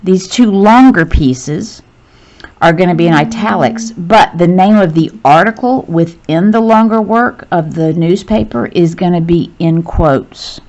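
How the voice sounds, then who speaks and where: Slow, patient woman teaching grammar. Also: on the low side, a little mellow. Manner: patient, explains step by step, corrects herself. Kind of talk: grammar lesson narration. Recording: dull lo-fi sound.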